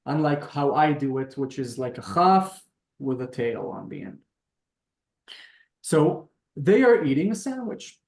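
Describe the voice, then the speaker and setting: Slow-paced man teaching over video call. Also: a little high, big pitch swings, darkish tone, echoey room. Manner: patient, explains step by step and sounds out words slowly. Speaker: Hebrew teacher. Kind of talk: beginner language lesson.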